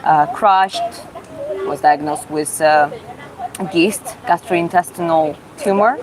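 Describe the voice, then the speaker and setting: A woman from Georgia with a Georgian accent, reading chat questions aloud on a livestream and answering them in halting, self-taught English. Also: deep voice, crowd noise, rough recording. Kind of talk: casual live Q&A chat.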